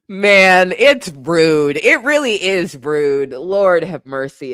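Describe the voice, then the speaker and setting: A woman's voice: lowish voice, big pitch swings, extremely slow, long pauses, a bit bright, dry recording. A woman hosting a casual live stream, laughing often and sounding playfully exasperated.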